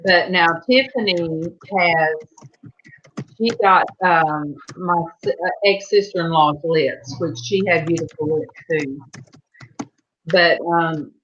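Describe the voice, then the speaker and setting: A woman's voice: on the low side, slow, fairly bright tone, lo-fi sound, a little hiss or hum. A woman hosting a casual chat over a video call, folksy and rambling with many restarts. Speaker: host.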